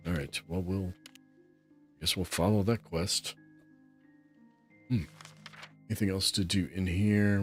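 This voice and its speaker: A man hosting a relaxed let's play, chatting and musing aloud as he plays. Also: low-pitched. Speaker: gameplay host.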